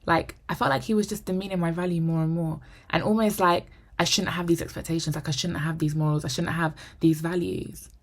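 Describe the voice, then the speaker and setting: A young woman vlogger telling a personal story to camera, animated and acting out the dialogue. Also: low-pitched, brisk, few pauses. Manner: animated, acts out quoted dialogue; drops to a whisper for inner thoughts. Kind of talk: storytime monologue.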